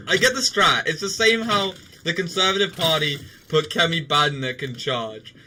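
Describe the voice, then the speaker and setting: A young man chatting on a live game stream. His voice is bright and sits a little high. He rambles loosely, restarts often and keeps breaking into laughter. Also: measured pace, a little hiss or hum. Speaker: livestreamer. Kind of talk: casual chat while gaming.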